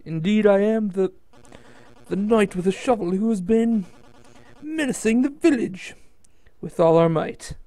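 A man's voice: sits high, unhurried, long pauses, mellow, dry recording. A man voicing an earnest, polite male knight hero who speaks formally.

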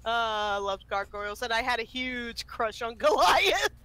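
A woman's voice: on the high side, lively intonation, measured pace, a bit bright, clean tone, faint music behind. A woman co-hosting a game stream, chatting casually and giggling as she talks. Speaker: co-host. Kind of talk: casual gameplay chat.

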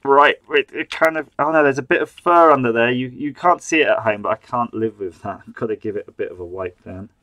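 A man's voice: medium pitch, brisk, few pauses, pushed and bright, no room sound. A man hosting a live stream, chatting and muttering to himself as he builds an electronics kit. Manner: chatty, self-mocking, mutters while working.

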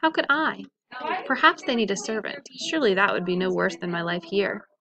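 A woman reading aloud, voicing a shy, hopeful young girl in a soft, earnest voice. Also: mid-range voice, expressive, brisk, crowd noise, natural voice.

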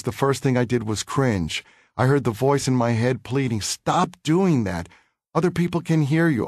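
Man narrating his own memoir in a studio, measured and earnest, mid-pitched, with a dry close sound. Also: a little mellow, no room sound. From New York City. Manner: measured, earnest, reflective reading. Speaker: author reading his memoir.

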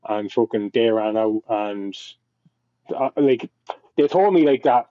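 A man's voice: medium pitch, unhurried, no room sound, lo-fi sound. A young Irish man telling a long personal story in a casual, rambling way, with lots of swearing and restarts. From Ireland. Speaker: podcast guest.

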